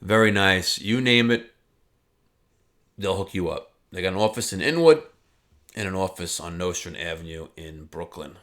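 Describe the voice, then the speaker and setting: A man hosting a casual car vlog with a fairly low voice. He talks in a loose, rambling way, doubling back and repeating himself as he tells his story to viewers. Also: lively intonation, moderate pace, fairly bright tone. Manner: chatty, rambling, repeats words. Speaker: car vlogger.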